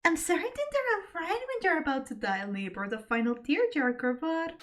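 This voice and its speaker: A woman's voice: sits high, very animated, fairly quick, fairly bright tone. A woman voicing a mocking bear mascot from a video game, sneering and drawing out her complaints.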